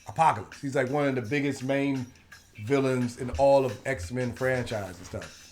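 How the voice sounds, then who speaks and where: An animated man co-hosting a casual comic book talk show. His pitch sits in an ordinary middle range, and he talks in loose slang and repeats his points. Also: normal speed, slight background noise. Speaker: podcast co-host. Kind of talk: casual debate chat.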